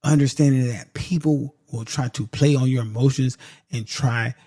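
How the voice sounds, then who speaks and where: A podcast host with a dark-toned, medium-pitched male voice speaks at a normal pace with fairly even intonation. He offers casual motivation straight to listeners, saying "y'all" and emphatically repeating his points. The studio-quality audio has no echo.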